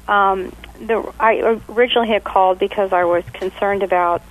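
A woman's voice: medium pitch, fairly even intonation, normal speed, low-quality recording. A woman calling in to a radio advice show, speaking politely with some hesitation. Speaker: caller. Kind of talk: phone call to radio show.

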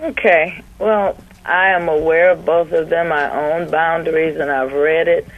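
A woman calling in to a radio show, speaking in an earnest, deliberate way. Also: deep voice, fairly even intonation. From Northern California. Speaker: caller. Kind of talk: phone call to radio show. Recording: tinny phone line.

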